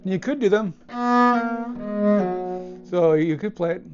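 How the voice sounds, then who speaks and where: A man teaching a piece of music, talking it through thoughtfully with pauses and restarts as he demonstrates it. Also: sits high. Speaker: cellist teacher. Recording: dull lo-fi with cello playing. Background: cello phrases between remarks.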